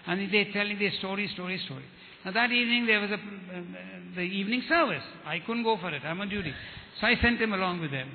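A man with a high voice preaches a testimony, telling stories with quoted dialogue and often repeating words. The sound is thin and phone-like, with a long reverb tail from a hall and faint noise underneath. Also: fast talker. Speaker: evangelist. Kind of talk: testimony sermon.

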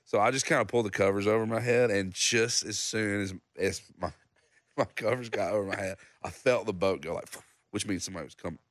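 A songwriter in his thirties telling a story in casual chat, acting out other people's lines in a loud, high voice. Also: fairly quick, no room sound, clean studio sound. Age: 30s. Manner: animated storyteller, acts out loud high-pitched quotes of others. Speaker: songwriter guest.

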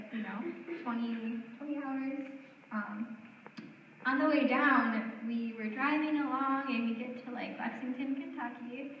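A young woman telling a lively story from a group trip, chatty and full of "like". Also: a little high. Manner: chatty, many uses of "like". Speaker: student giving a testimony. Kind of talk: storytelling testimony at a campus gathering. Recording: roomy hall, distant mic, dull sound, faint noise.

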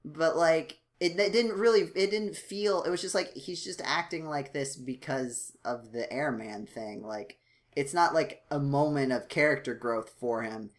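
A man co-hosting a casual podcast, rambling with many restarts and fillers, his voice jumping up when he gets excited. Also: unhurried. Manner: animated, jumps up in pitch when excited. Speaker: podcast co-host.

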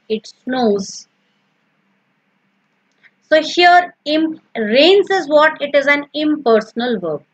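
A woman's voice: high-pitched, rough recording. A woman teaching a recorded grammar lesson, patiently repeating each example and explaining step by step.

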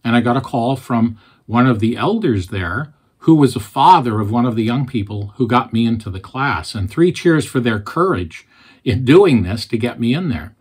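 A man's voice: medium pitch, expressive, moderate pace, breathy edge. A man giving an earnest storytelling sermon, plainly retelling his conversations. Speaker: Christian speaker.

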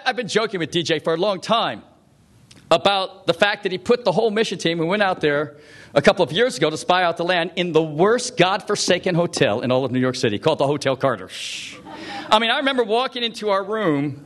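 A middle-aged male preacher telling a story in a sermon, animated and full of acted-out quotes. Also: sits high.

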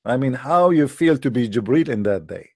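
A man's voice: medium pitch, lively intonation, moderate pace, dark tone, slightly rough, no echo, studio quality. A man in a live-streamed religious debate talk, mocking his opponents with sarcastic rhetorical questions in broken English. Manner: non-native broken English grammar.

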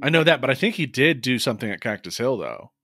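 A man's voice: mid-range voice, very animated, fast, pushed and bright, soft background music. A man co-hosting a podcast in casual chat, laid-back and jokey with slangy phrasing. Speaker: podcast co-host.

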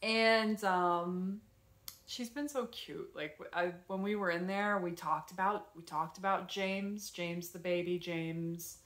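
A woman vlogger casually retelling her day at home, rambling and animated with lots of fillers. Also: on the low side, takes it slowly. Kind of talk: casual storytelling vlog. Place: her apartment. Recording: echoey room.

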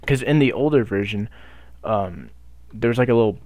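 A man's voice: on the low side, expressive, moderate pace, dry recording, dull audio. Hyped, foul-mouthed young man gaming. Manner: loud, hyped, swears constantly, talks to the game. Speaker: gaming YouTuber. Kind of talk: profane gameplay commentary.

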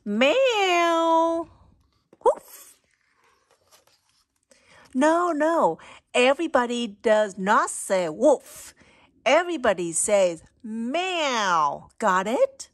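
Playful slow woman reading a picture book. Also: on the high side, very animated. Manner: playful, coaxing, makes animal sounds. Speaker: storybook reader.

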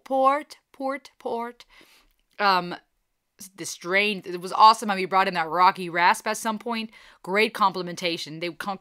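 A woman's voice: mid-range voice, bright, forceful tone. A woman from Germany hosting a casual reaction video, talking in a gushing, rambling way and tripping over her words.

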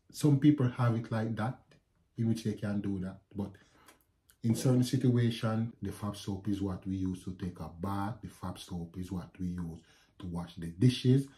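A man with a Jamaican accent, telling a personal story to his viewers in a lively vlog, often calling out to them. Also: on the low side, slow pace. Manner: animated, addresses viewers as guys. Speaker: vlogger. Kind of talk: casual storytelling to camera.

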